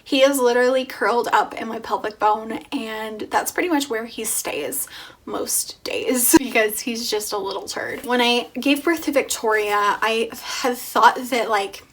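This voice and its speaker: A young woman talking casually in a pregnancy vlog, chatty and full of "like", with soft breathy asides. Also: fairly high pitch, unhurried. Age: young adult. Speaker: vlogger.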